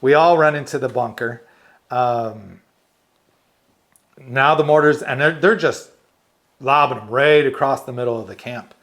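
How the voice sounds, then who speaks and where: A man's voice: mid-range voice, a little slow, long pauses. A man, a retired army medic from the United States, telling war stories in an interview, acting out the quotes and laughing often. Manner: animated storyteller, laughs often, acts out quotes. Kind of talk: storytelling interview.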